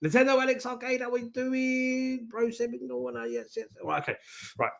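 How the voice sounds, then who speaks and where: A man's voice: very high voice, fairly quick, gravelly, a bit bright. A man hosting a live stream, chatting casually, greeting viewers by name, swearing freely and laughing often. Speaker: host of a live trading stream.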